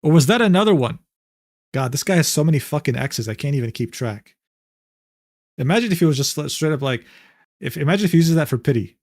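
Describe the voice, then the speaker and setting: A man's voice: a little high, animated, fast talker, pauses often, darkish tone, dry recording, studio quality. A young man streaming live, reacting to a document in loose, rambling commentary full of slang fillers. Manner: rambling, filler-heavy slang with "bro" and "dude".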